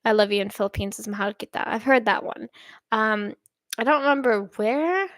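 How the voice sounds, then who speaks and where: A woman's voice: on the high side, moderate pace, fairly bright tone, no room sound. A nineteen-year-old woman whose first language is Swedish, chatting casually on a livestream in a hesitant, rambling way, with many fillers and restarts. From Sweden. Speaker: streamer.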